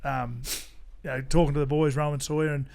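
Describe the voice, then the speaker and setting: Australian male guest, fairly high voice, loose rambling storyteller. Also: level tone, a little fast, gravelly, darkish tone, a little hiss or hum. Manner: rambling storyteller, many restarts and swearing. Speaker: podcast guest. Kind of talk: casual chat.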